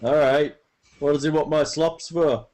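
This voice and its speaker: A man's voice: fairly high pitch, steady tone, a little slow, darkish tone, lightly acted. A man voicing a simple male servant hauling slops, folksy, saying "me" for "my" and fretting over his bucket. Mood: puzzled. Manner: folksy, says "me" for "my", calls out to his lads.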